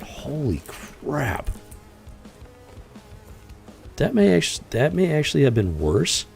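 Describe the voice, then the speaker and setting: A man's voice: lowish voice, creaky, a little mellow. A man hosting a casual comic book commentary, exasperated and blunt, swearing freely and often stumbling over his restarts. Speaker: host.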